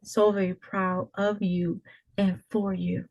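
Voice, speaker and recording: Slow-talking effusive woman coach. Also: medium pitch, little pitch movement, vocal fry, darkish tone, no room sound. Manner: effusive, praising, speaks of God. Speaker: coach and host. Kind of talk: emotional interview.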